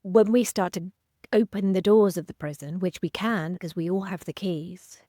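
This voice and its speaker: A woman who hosts a podcast as a recovery coach, speaking in a calm, reflective way. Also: lowish voice, normal speed, dry recording, clean studio sound. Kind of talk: podcast interview.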